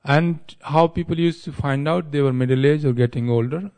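A spiritual speaker gives a devotional lecture in a slightly high, darkish voice at normal speed. He tells a sacred story in an easygoing way, restating and explaining as he goes and chuckling at his own wordplay.

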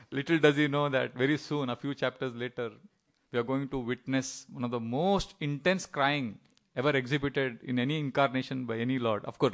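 Middle-aged guy preaching, chatty storyteller, slightly high voice. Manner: animated storytelling, acting out quoted voices; conversational, with fillers and small laughs. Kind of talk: sermon.

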